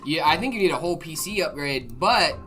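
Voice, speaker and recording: A man co-hosting a live stream, answering chat questions about PC hardware in a relaxed, friendly way. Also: fairly high pitch, brisk. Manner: relaxed, friendly, fillers and "brother".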